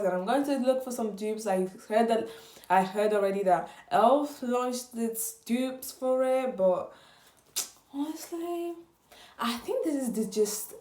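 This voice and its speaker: A woman's voice: a little high, roomy sound. A woman vlogging casual beauty product reviews in a gushing way, repeating her words for emphasis.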